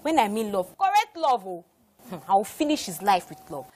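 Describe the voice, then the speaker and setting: Actress as young woman, gold-digger, Nigerian English accent, scornful, lively pitch. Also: fairly quick, slight background noise, close to an everyday voice. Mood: boastful. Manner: scornful, boastful. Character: scheming gold-digging young woman, boastful. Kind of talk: film drama acting.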